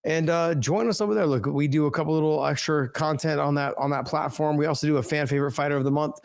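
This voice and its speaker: A man's voice: a little high, fairly even intonation, fast, creaky. A man co-hosting a fight podcast, talking casually and bluntly, cursing now and then and reading out sponsor plugs. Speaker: podcast co-host. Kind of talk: casual chat.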